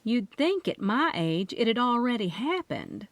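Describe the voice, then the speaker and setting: A woman's voice: a little high, very animated, unhurried, no room sound, pitched above the performer's own voice. A woman narrator voicing a flustered middle-aged hotel owner, harried and overheated, in a dry recording.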